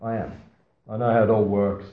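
A man's voice: on the low side, level tone, brisk, slight background noise. A man giving a scripture class to a small audience. He tells stories, asks the audience questions, and makes playful asides. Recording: roomy, slightly dull sound.

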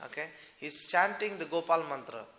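A man's voice: a little high, animated, normal speed, sharp tone. A man telling a devotional story in a loose, conversational way, with frequent fillers. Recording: echoey hall with long reverb.

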